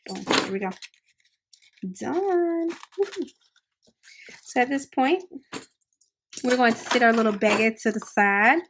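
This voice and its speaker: A woman's voice: on the high side, moderate pace, noisy background. A woman hosting a crafting tutorial, chatting upbeat and casual while she works with her hands. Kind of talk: casual how-to demonstration.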